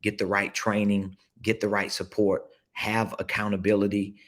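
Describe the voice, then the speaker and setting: Emphatic low-voiced man coaching live. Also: monotone, moderate pace, a bit bright. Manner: emphatic, repetitive, coaxing the audience to repeat phrases. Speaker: business coach. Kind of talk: casual livestream motivational talk. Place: seated at a table indoors.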